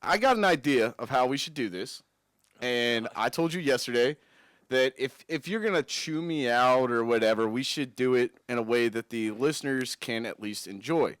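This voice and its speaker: A man's voice: medium pitch, normal speed, a bit bright, dry recording, clean studio sound. A man co-hosting a podcast in casual banter, eager and steering the talk back to his plan. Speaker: podcast co-host.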